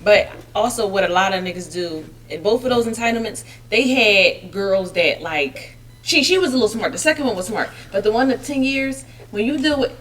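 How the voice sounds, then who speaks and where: A woman's voice: mid-range voice, expressive, moderate pace, a bit bright, far from the mic, a little hiss or hum. Woman chiming in from off mic. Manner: brief agreeing interjections. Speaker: podcast co-host. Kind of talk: casual chat.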